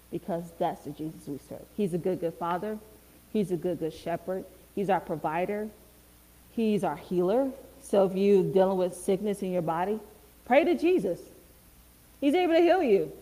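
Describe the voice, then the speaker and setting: A woman's voice: on the low side, darkish tone. A young adult woman giving a sermon as a guest speaker, preaching fervently with repeated, building phrases. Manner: fervent, repetitive preaching cadence. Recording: long hall reverb.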